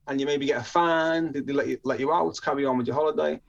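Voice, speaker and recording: A man's voice: on the high side, steady tone, quick pace, vocal fry, recorded from a distance, lo-fi sound. A man doing an easygoing Jamaican cellmate. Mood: reassuring. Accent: put-on Jamaican. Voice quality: reassuring, casual patois.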